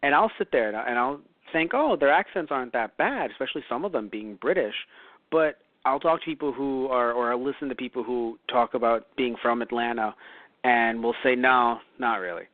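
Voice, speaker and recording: A man's voice: mid-range voice, a little fast, no echo. A man from New York co-hosts a casual chat, circling his points with fillers and self-corrections. His voice sits in the middle range. The recording is dry and thin, like a phone line. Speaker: podcast co-host.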